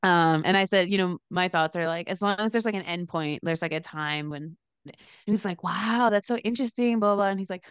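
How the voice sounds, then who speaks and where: A young woman co-hosting a podcast, telling a story in a chatty, animated way with lots of fillers. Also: a little fast, clear, resonant tone, no echo. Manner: animated storyteller, lots of "like", laughs into high pitch. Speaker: podcast co-host, dancer. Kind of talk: casual chat, storytelling.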